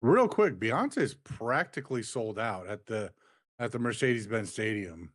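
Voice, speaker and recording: A man co-hosting a wrestling review show, chiming in with short, relaxed remarks. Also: fairly low pitch, unhurried, dry recording, studio quality. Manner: laid-back, mostly short agreeing interjections. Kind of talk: casual podcast chat.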